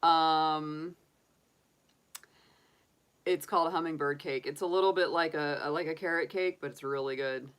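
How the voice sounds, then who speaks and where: A woman's voice: sits low, steady tone, moderate pace, pauses often, clear, resonant tone. A middle-aged woman hosting a tarot livestream, chatting casually with viewers, often laughing and talking straight to them. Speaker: tarot reader and channel host.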